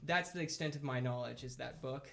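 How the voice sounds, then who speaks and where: Gravelly-voiced podcast host man. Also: medium pitch, a little fast, slight background noise. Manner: relaxed, chatty, lots of fillers. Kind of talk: casual podcast interview.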